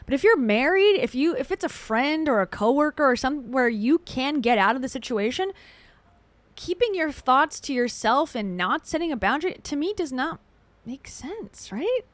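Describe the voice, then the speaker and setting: A woman's voice: high voice, big pitch swings, normal speed, no room sound. A woman hosting a reaction commentary, talking in a wry, skeptical way. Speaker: commentary host.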